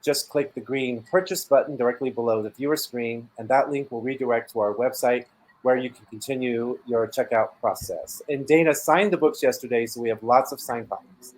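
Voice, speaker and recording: Male bookstore host, reads the intro script, formal and even. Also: mid-range voice, fairly quick, low-quality recording. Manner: reads announcements and guest bios in an even, formal way.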